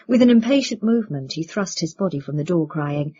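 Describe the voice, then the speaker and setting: A woman reads a novel aloud as an audiobook narrator, measured and expressive. Her voice is husky and of middle pitch. The recording sounds dull and lo-fi.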